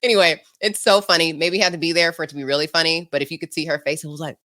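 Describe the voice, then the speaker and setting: A woman's voice: low voice, fairly even intonation, very fast, bright, forceful tone. A woman hosting a podcast in casual, bubbly chat, laughing often as she tells stories. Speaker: podcast host.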